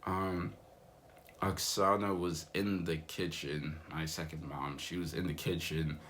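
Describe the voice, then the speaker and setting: A man's voice: low-pitched, fairly even intonation, measured pace, a bit bright, a little hiss or hum. A young man vlogging in a rambling, laid-back way, full of fillers. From United States. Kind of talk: casual vlog monologue.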